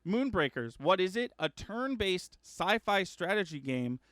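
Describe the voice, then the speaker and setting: Dude rambling thru gaming news, lots of ums, kinda high smooth voice, excited. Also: male voice, measured pace, no echo, studio quality. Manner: rambling, many ums and uhs, self-correcting; excitable about upcoming games. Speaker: gaming news show host. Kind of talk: casual news chat.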